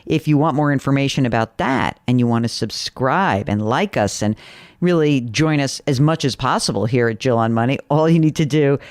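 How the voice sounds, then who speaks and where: A woman's voice: very deep voice, normal speed, darkish tone, no echo, clean studio sound. A woman hosting a money call-in radio show, chatty and teasing with callers. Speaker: host.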